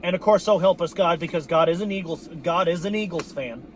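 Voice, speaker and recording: A boisterous man with a very high voice tears into a profane post-game victory rant from inside a car. He swears freely and breaks into sudden shouted bursts. A faint hum sits behind him. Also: a little fast. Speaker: football fan vlogger.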